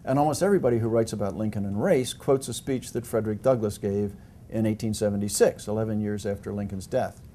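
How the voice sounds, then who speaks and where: A man's voice: lowish voice, fast talker, mellow, slight background noise. An older man, a historian guest, answering interview questions at length with frequent fillers, restarts and dry humor.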